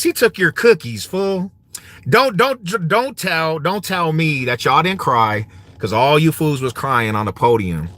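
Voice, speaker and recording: A man's voice: a little high, lively intonation, unhurried, fairly bright tone, no room sound. A man ranting in a casual vlog, mocking and swaggering, full of slang and frequent laughs. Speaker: vlogger. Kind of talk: casual trash-talking rant.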